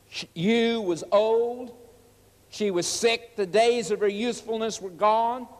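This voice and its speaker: A man's voice: sits high, darkish tone. A man preaching an evangelistic sermon, telling a story earnestly and emphatically, then leading a prayer before an audience. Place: church hall with audience. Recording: long reverb of a large hall.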